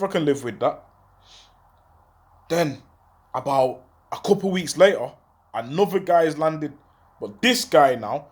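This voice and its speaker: A young man tells a long personal story in heavy street slang. He keeps the telling animated and drops into the voices of the people he is quoting. His voice sits at an ordinary middle pitch for a man. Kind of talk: storytelling monologue.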